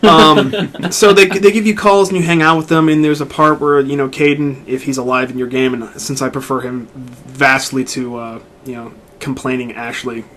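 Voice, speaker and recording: With medium pitch, a moderate pace and few pauses, a podcast co-host casually recounts a video game in a long, lively, rambling retelling full of restarts.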